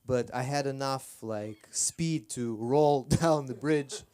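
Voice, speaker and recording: A man's voice: mid-range voice, slow pace, mellow, smooth. Man telling stand-up stories. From Armenia. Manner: rambling, self-deprecating storytelling. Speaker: stand-up comedian. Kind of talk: stand-up comedy. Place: comedy club stage.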